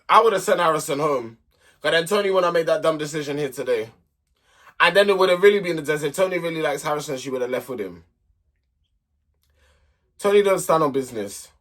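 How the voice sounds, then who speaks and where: Ranting man, bright voice. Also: a little high. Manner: exasperated, ranting, blunt. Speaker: host of a reality TV recap channel. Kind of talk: casual opinionated recap commentary.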